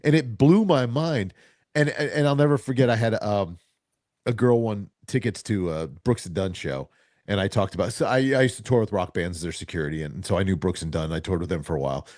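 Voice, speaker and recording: A low-pitched man from New Jersey co-hosts a casual podcast, telling stories with lots of energy. He jumps into the voices of the people he quotes. The sound is close and dry, with no room around it. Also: fairly quick, no echo. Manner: animated storyteller, acts out quoted voices. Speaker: podcast co-host.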